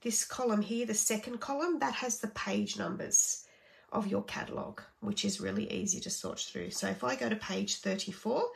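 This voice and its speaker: A woman's voice: medium pitch, very animated, normal speed, vocal fry. A woman casually walking through a craft catalogue sale as a demonstrator, chatty and full of ums while she flips pages. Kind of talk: casual product sale walkthrough.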